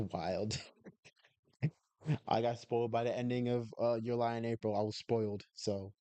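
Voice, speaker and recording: A man's voice: medium pitch, fairly even intonation, measured pace, dark tone, no room sound. A man live-streaming, casually reacting to an anime review video in a laid-back, slangy way.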